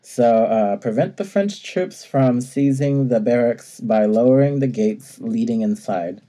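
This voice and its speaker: A man's voice: medium pitch, unhurried, warm tone. A man casually recapping a video game story, now and then acting out lines and laughing. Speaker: podcast co-host.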